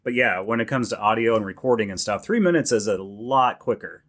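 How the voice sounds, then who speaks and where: A man's voice: fairly low pitch, fairly quick, fairly bright tone. A man co-hosting a podcast, chatting in an easygoing, agreeable way. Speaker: podcast co-host. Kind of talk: casual chat.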